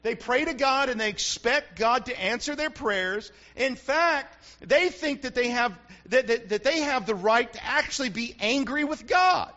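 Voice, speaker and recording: Male pastor, high and bright voice, punchy repetitive preaching, muffled sermon recording. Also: lively intonation, a little slow, hardly any pauses. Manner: emphatic, repetitive preaching with rhetorical questions.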